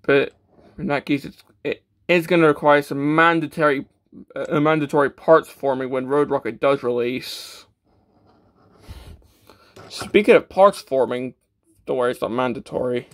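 A man's voice: medium pitch, normal speed, pauses often, fairly bright tone. A man casually reviewing a toy, stammering often and filling gaps with "uh" and restarts. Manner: stammering, with many fillers and restarts; self-deprecating, matter-of-fact.

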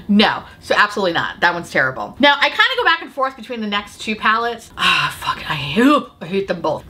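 Animated, bright-voiced woman ranting. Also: on the high side. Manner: profane, sarcastic, laughing often. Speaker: beauty vlogger. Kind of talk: casual ranting review.

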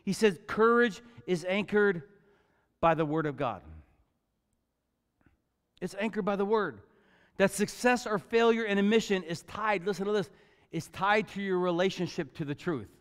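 A man preaching a sermon as the pastor, telling a Bible story in an animated way and acting out the characters with jokey asides. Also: high-pitched, normal speed, long pauses, clean tone. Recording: church hall with long reverb.

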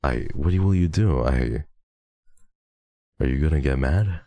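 A man's voice: extremely low pitch, animated, a little slow, mellow, no room sound. A man streaming and chatting with viewers while congested from a cold, playful and teasing with frequent laughter. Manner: playful, teasing, laughs often, mixes in Tagalog and Korean endearments. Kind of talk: casual chat with chat readers.

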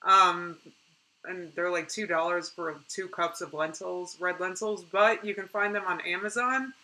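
Young woman streamer just chatting w her viewers, bright voice, loose and animated, laughs a lot. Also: on the low side, a little slow, rough recording. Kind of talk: casual live-stream chat, reading viewer comments.

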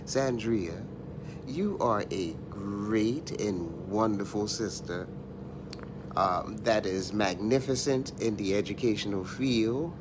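A man from a former church congregation giving a slow, earnest, hesitant video message of praise. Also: on the low side, background noise. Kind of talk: recorded video greeting.

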